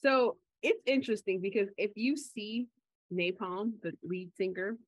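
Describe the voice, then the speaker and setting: A woman co-hosting a podcast in casual chat, telling stories in a chatty way and getting animated when she quotes people. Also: medium pitch, measured pace, no room sound. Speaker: podcast co-host. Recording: slightly dull lo-fi audio.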